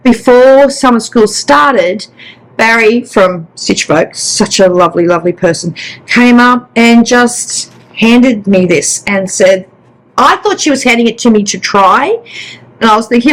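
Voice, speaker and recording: A woman's voice: medium pitch, animated, normal speed, poor audio. A woman hosting a casual stitching vlog, chatty and rambling with restarts. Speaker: flosstube host. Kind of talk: casual chat.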